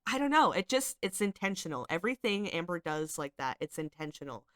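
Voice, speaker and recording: A young woman with a somewhat low voice gives casual commentary while she reads screenshots aloud. She talks in a chatty, exasperated way, full of filler words. The recording is dry and close, with no room sound. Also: very animated, fairly quick, fairly bright tone, dry recording. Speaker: commentary channel host.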